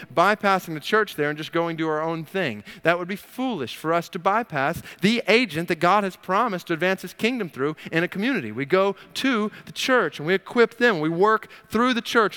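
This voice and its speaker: A man's voice: high voice, a bit bright, clean tone, long reverb tail. A man preaching a sermon as pastor, stressing and repeating his key phrases.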